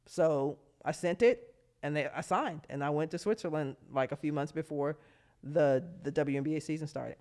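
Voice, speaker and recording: A lively woman in her fifties spins anecdotes in a podcast interview. She laughs easily and acts out the voices of people she quotes, leaping up in pitch for them. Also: normal speed. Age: 50s. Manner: animated, acts out quotes with big pitch jumps, laughs often. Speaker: guest, former pro basketball player.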